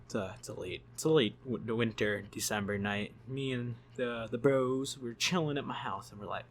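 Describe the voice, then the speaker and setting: A man's voice: medium pitch, normal speed. A man telling a story in a casual vlog, rambling, swearing and laughing as he goes. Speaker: YouTube storyteller.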